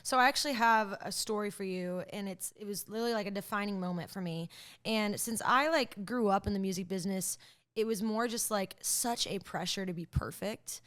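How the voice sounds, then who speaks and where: A young woman, a country singer, talking as a podcast guest in an animated, chatty way, full of fillers as she tells a story. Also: mid-range voice, a little fast. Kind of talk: casual interview chat.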